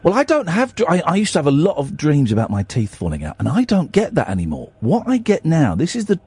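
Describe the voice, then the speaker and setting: A man's voice: medium pitch, a little mellow, slightly rough, dry recording. A male radio phone-in host, chatting candidly in a rambling way, often stammering and repeating words. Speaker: radio talk show host. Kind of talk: late-night phone-in chat. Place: radio studio. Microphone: studio microphone.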